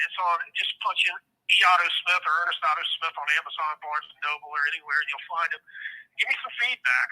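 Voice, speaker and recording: Heated, profane middle-aged man, high-voiced. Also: bright, forceful tone, low-quality recording. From Ohio. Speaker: prison inmate guest. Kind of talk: phone interview.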